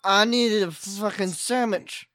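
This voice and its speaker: A man's voice: high voice, takes it slowly, a bit bright. A man doing a crude lovestruck Pepe. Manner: crude, blunt, swearing. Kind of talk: comedic improv role-play.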